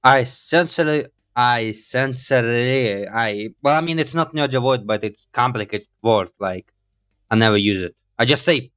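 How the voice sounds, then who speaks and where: Excitable man, slightly dull mic. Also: fairly low pitch, normal speed. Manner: excitable, jokey, laughs at himself. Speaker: gaming YouTuber. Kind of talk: casual let's-play commentary.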